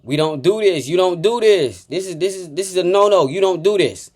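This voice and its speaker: A man giving a heated, profane reaction rant, taunting and repeating insults, swinging from low mutters to loud outbursts. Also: lively intonation, a little fast. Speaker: reaction commentator.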